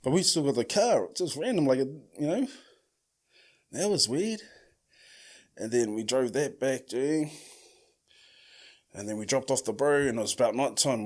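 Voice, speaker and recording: A man with a New Zealand accent telling a story casually as a podcast host, full of slang and swearing, who acts out the quoted lines loudly. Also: mid-range voice, normal speed, pauses often.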